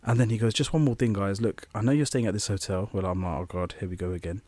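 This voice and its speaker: A man's voice: lowish voice, fairly even intonation, fast talker, warm tone, no echo. A young man co-hosting a podcast, rambling through an anecdote and acting out quoted voices. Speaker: podcast co-host. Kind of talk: casual storytelling chat.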